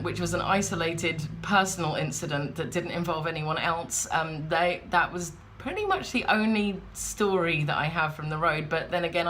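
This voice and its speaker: A woman's voice: on the low side, a bit bright, slight background noise. A woman chatting in a rambling, wry way, vlogging from a hotel room. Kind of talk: casual vlog chat.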